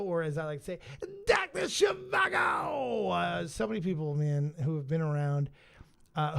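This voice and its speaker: A man hosting a live stream who reads out names from the chat, swears casually and now and then shouts with excitement. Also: high-pitched. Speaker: streamer and show host.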